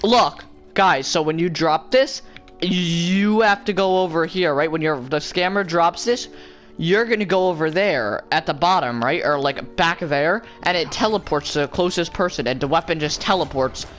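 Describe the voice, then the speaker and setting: A male gaming YouTuber giving excited, taunting commentary over voice chat, bossing another player around and yelling gleefully. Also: fairly high pitch, moderate pace, soft background music. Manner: bossy, taunting, yells gleefully.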